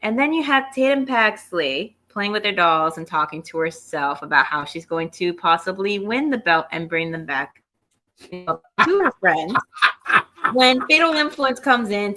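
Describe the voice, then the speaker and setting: A woman's voice: lowish voice, bright, forceful tone. A woman co-hosting a wrestling review show, recapping in an offhand, breezy way.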